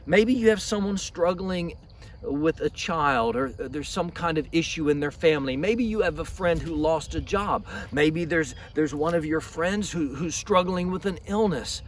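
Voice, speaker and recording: A man, a pastor telling a Bible story in a lively way outdoors in a field. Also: a little high, measured pace, far from the mic, slight background noise. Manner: lively storytelling with repeated restarts.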